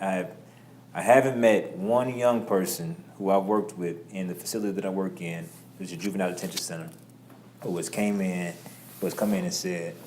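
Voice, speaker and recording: A man's voice: low voice, a little mellow, roomy sound, slight background noise. A man on a discussion panel who works with young people in a juvenile detention center, speaking emphatically and often asking "you know what I'm saying".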